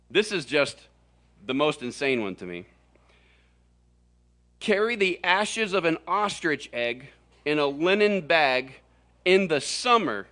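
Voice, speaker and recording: A middle-aged man from Florida gives a comic sermon to a roomful of listeners. His voice sits a little high and rings bright and forceful, and he tells stories with lively, joking energy. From Florida, USA. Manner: animated, jokey storytelling with sudden exaggerated voices. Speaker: preacher. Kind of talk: humorous sermon. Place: large room with audience.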